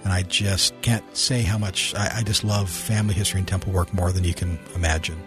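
A man's voice: low voice, fairly even intonation, brisk, music in the background. A man speaking as a podcast guest, giving an earnest, emphatic and heartfelt account of his faith. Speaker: guest, family history manager.

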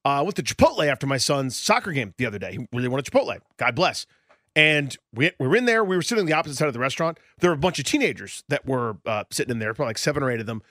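A man co-hosting a radio talk show, telling a story in an animated way. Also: medium pitch, rapid-fire, no room sound, clean studio sound. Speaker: radio co-host. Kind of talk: sports radio chat, storytelling.

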